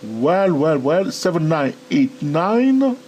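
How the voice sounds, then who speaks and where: Animated man teaching with a lively pitch. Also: slow pace, a little hiss or hum. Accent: non-native English. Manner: animated, repetitive "okay?" and "my friend". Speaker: trading educator. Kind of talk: live screen-recorded trading tutorial.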